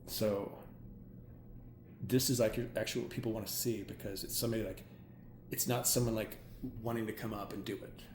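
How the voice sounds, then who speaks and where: A man who works as a hypnotherapist, chatting casually and excitedly, rambling with many "like"s. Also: fairly low pitch, fairly quick. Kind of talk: casual chat. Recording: roomy with faint ambient noise.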